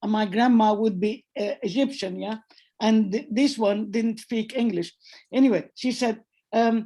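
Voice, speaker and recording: A woman with a slightly high voice chats casually and tells anecdotes. She laughs often as she talks. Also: moderate pace, a little mellow. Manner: chatty, anecdotal, with frequent laughs. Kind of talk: casual discussion.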